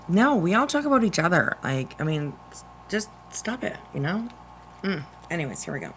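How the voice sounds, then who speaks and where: A woman's voice: on the low side, big pitch swings, normal speed, fairly bright tone, a little hiss or hum, low-quality recording. A woman hosting a casual live stream of drama commentary, rambling with many fillers.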